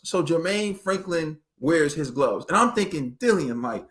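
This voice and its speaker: Animated slangy man talking boxing. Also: fairly high pitch, unhurried, few pauses. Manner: animated, slangy storytelling with acted quotes. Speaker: boxing show co-host. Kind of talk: casual sports talk.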